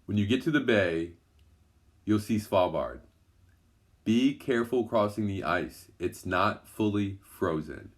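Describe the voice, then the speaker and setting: A wise brown bear from a children's book, low-voiced and calm as it gives advice, played by a man reading aloud. It sounds steady and helpful. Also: measured pace. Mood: advising.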